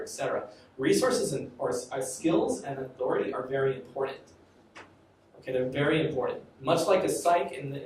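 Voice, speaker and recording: A man's voice: mid-range voice, a little mellow. A man giving a classroom lecture in a conversational way, often repeating and restarting phrases. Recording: echoey classroom from far off, faint noise.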